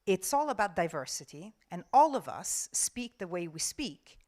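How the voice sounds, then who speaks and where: A woman in her forties, not a native English speaker, a broadcast journalist giving an animated, expressive talk on a festival panel. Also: lowish voice, moderate pace. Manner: animated, expressive, acts out quotes.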